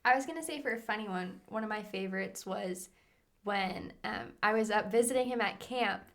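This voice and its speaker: A young woman co-hosting a podcast, telling a story in a casual, animated way, giggling and acting out the dialogue. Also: mid-range voice, moderate pace, gravelly. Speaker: podcast co-host.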